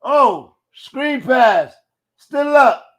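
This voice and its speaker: A man does casual live play-by-play, talking directly to his viewers in slang and bursting into loud exclamations on big plays. His voice is extremely high and animated, yet he speaks very slowly.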